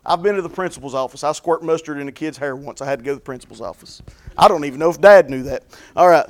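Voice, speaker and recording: A man preaching a fervent sermon, moving between quiet folksy stories and loud repeated calls of blessing. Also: on the high side, fast talker.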